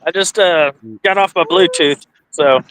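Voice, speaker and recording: A man's voice: fairly high pitch, measured pace, noisy background. A man talking as a guest in a casual chat, easygoing and a bit hesitant, with fillers.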